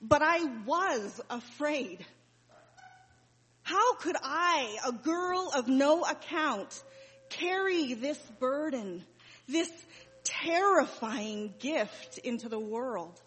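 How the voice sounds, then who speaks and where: A grieving mother, played by a woman, speaks in a fairly high voice with slow, heavy pauses. The monologue rings out with a long reverberant hall tail. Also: animated, fairly bright tone, full character voice. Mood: sorrowful. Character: Mary, grieving mother recalling her son's death. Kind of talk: dramatic monologue.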